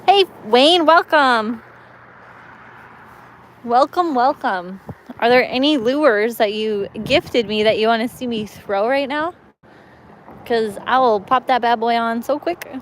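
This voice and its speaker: A woman's voice: fairly high pitch, measured pace, slight background noise, poor audio. A young woman live-streaming as she fishes from a lakeshore, chatting and giggling as she talks to viewers. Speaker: fishing livestreamer. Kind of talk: casual live-stream chat. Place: outdoors on a lakeshore.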